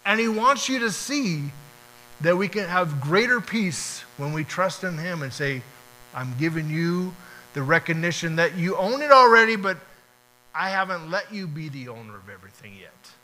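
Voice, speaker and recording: A man's voice: high-pitched, lively intonation, moderate pace, sharp tone, low-quality recording. A man preaching a sermon, talking casually and acting out short prayers and dialogues. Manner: conversational, acts out little prayers and dialogues. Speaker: pastor.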